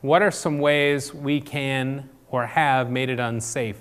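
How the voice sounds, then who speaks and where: A man's voice: medium pitch, steady tone, slow pace, a bit bright, clear, resonant tone. A man leading table discussions in an informal church talk, conversational and questioning, with frequent fillers and restarts. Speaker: church group leader. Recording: long reverb from a hall.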